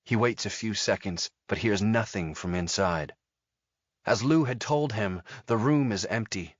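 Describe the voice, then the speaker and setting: A man narrating a thriller audiobook in a steady, measured storytelling manner. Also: fairly low pitch, no room sound, dull audio. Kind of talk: scripted narration.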